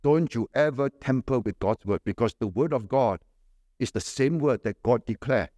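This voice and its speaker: A man preaching a sermon, emphatic, with rhetorical questions and sharp swings between raised stresses and low dropped endings. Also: moderate pace, no room sound, studio quality.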